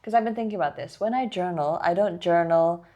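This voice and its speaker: A woman's voice: lowish voice, fairly quick, warm tone, dull audio. A young woman co-hosting a podcast in casual chat, joking and rambling into playful asides. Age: young adult. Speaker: podcast co-host.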